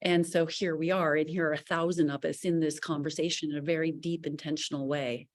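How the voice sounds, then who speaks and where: A woman speaking as a panelist in a casual online discussion, animated and full of restarts and asides. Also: deep voice, a little fast.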